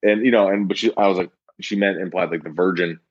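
A man from the rural northeastern United States, talking in a halting, casual way with lots of fillers. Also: low voice, fairly even intonation, breathy edge, muffled recording. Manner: halting, full of fillers and restarts. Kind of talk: casual conversation.

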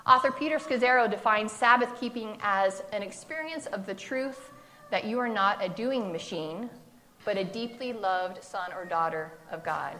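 A woman's voice: mid-range voice, normal speed, a bit bright. A woman preaching a sermon in a conversational, humorous way, acting out the quotes in her text.

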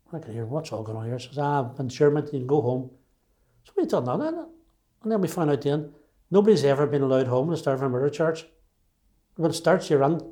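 In an interview, a Derry man in his sixties from Northern Ireland tells his own story in a mellow, slightly dark voice at middling pitch. He's emphatic and keeps restarting his sentences.

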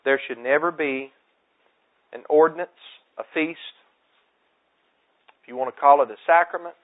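A man's voice: fairly high pitch, normal speed. Man preaching over a tinny line. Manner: preaching with rising, impassioned intensity. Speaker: pastor. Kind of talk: sermon. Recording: tinny phone-like sermon recording.

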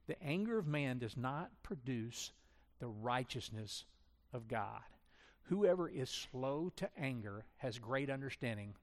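Male pastor, mid-pitch, chatty self-deprecating sermon delivery, long hall reverb. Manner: conversational, self-deprecating, acts out quoted voices.

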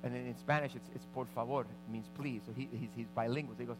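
A middle-aged man preaching as pastor, telling a lively personal story and acting out the voices of the people in it. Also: mid-range voice, fast talker, few pauses, noisy background. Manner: animated anecdotes with vivid quoted voices. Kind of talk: sermon storytelling.

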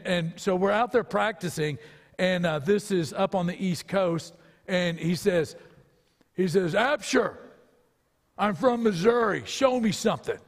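A man's voice: high-pitched, big-room sound. A man preaching a sermon as pastor, earnest, with rhetorical questions to his listeners.

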